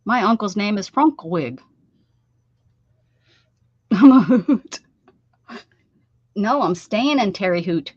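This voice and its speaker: A woman's voice: medium pitch, lively intonation, slow, pauses often, slightly rough, dry recording, muffled recording. A woman in her fifties hosting a craft livestream, chatty and self-teasing, laughing often. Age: 50s. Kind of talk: casual livestream chat. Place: home craft room.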